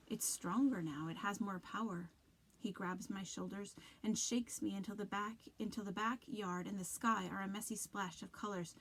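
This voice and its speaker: Woman teacher, expressive children's book read-aloud, dramatic narration. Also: mid-range voice, moderate pace, rough recording.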